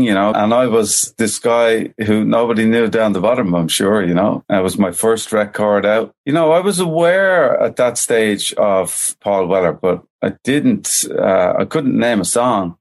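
A middle-aged man from Ireland, a musician telling stories as a podcast guest, rambling and relaxed with many a "you know". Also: fairly low pitch. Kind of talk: storytelling in an interview.

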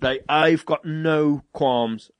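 A young man with a fairly high voice chats as a podcast host. He tells stories with animation and acts out both sides of a conversation. The sound is close and completely dry. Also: very slow, no echo. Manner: animated storyteller, acts out dialogue. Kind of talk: casual chat.

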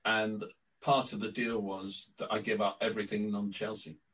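An older man, a guest on an interview podcast, telling lively stories from his career and acting out quotes. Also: fairly low pitch, normal speed, recorded from a distance, rough recording. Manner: lively raconteur, acts out quotes. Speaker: interview guest, former club announcer. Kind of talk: anecdotal storytelling.

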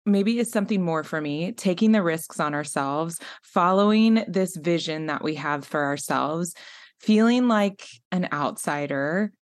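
Woman podcast host, lowish voice, reflective and affirming, casual. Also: measured pace. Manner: reflective, affirming, soft backchannels. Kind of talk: casual interview chat.

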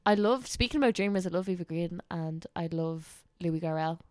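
Gushing actress guest, dry sound. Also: female voice, fairly low pitch, normal speed, clear, resonant tone, no echo. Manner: enthusiastic, gushing. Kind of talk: casual chat.

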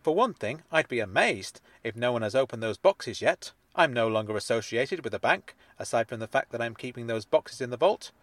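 A man voicing a courteous, measured man in a spoken-word story, a little formal. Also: medium pitch, expressive, a bit bright, dry recording, natural voice. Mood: earnest. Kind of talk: audiobook character dialogue.

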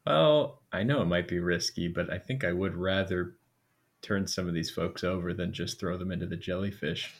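A man playing a tabletop game with friends, measured and reasonable. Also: low-pitched. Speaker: player. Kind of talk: casual tabletop game play.

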